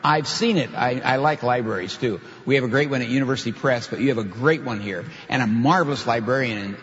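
A man's voice: mid-range voice, fast, a bit bright. An older male pastor preaching a sermon, earnest and emphatic, with stresses that rise on key points. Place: church sanctuary. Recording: dull reverberant hall sound.

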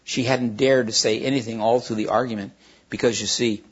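Male storybook reader, husky tone, homey read-aloud with slips, dull lo-fi recording. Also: medium pitch, fairly even intonation, a little fast. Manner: storytelling with small stumbles and restarts. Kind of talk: reading a children's book aloud.

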